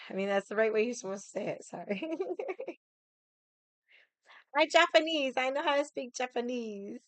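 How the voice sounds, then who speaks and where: A young woman hosting a casual livestream chat, talking in an animated way, laughing often and swearing casually. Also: fairly high pitch, a little slow, long pauses, dry recording. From United States. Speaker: livestream host.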